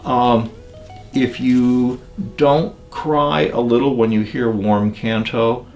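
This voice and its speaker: An older man talking about records and turntables in a relaxed, digressive interview, with many pauses and fillers. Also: medium pitch, soft background music. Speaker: audio magazine editor.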